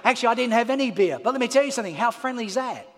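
A man's voice: very high-pitched, animated, very fast, long reverb tail. A man with an Australian accent preaching a televised sermon as pastor, calling for amens and joking at his own expense. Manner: preaching with call-and-response and self-mocking jokes.

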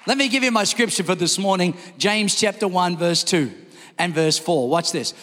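High-voiced pastor preaching in a big hall. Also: male voice, moderate pace. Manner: energetic storytelling, shouted quotes. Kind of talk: sermon. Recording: long hall reverb.

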